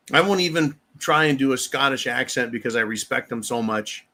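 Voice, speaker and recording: A man's voice: mid-range voice, bright, forceful tone. A man from the United States hosting a live show, ranting bluntly and profanely in a rambling, casual way. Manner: reads viewer messages aloud. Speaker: livestream show host. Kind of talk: casual livestream rant.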